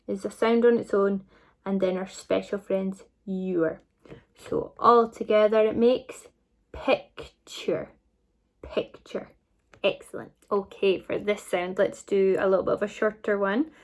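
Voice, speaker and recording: A woman with a Scottish accent teaching a recorded phonics lesson to children, sounding out words slowly and praising often. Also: mid-range voice, darkish tone. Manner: slow, clear, encouraging sounding-out. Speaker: primary school teacher.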